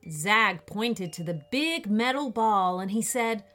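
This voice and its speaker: A woman reading a children's bedtime story slowly and expressively. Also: mid-range voice, expressive, sharp tone, faint music behind.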